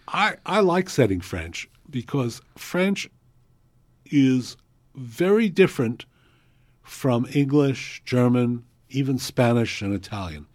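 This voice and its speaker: A man's voice: medium pitch, a little mellow, no room sound. A man, a composer, answering interview questions in a thoughtful, explanatory way with frequent hesitations.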